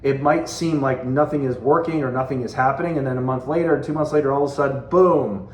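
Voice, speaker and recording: A man's voice: mid-range voice, steady tone, fast talker, a little hiss or hum. A man in his forties giving a motivational talk as a sales team leader, earnest and conversational, repeating phrases for emphasis. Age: 40s. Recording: roomy echo.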